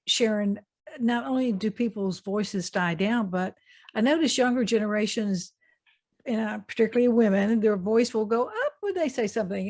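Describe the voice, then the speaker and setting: A woman's voice: a little high, a little mellow. Woman host asking curious questions. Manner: curious, conversational. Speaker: interview host. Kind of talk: interview questions.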